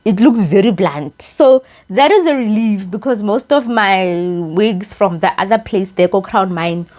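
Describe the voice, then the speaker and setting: A young South African woman chatting casually as she reviews a wig, excitable and expressive, switching languages mid-sentence. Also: mid-range voice, unhurried. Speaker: beauty YouTuber reviewing a wig. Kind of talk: casual chat.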